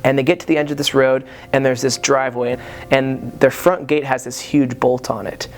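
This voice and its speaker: A man telling the story of his own crash as a personal testimony, hesitant and full of pauses. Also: medium pitch, level tone.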